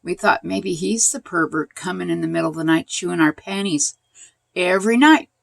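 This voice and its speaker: An older woman casually telling a personal story as a vlogger, animated and laughing, pointing things out as she goes. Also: on the low side, moderate pace, gravelly, dry recording.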